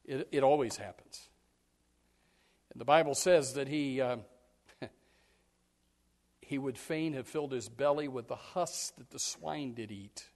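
A man preaching a sermon as pastor, jumping into loud acted quotes and dropping to low, quiet asides. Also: a little slow, pauses often, in a large hall.

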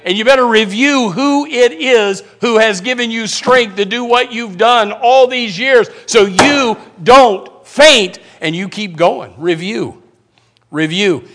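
A man with a very high voice preaching a fiery sermon. He swings between loud, shouted lines and hushed asides, repeating words and restarting as he goes. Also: a little slow. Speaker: pastor.

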